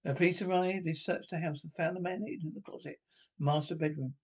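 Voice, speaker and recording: Gravelly husky man reading a spooky tale. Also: on the high side, fairly even intonation. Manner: halting, stumbling reading. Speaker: narrator.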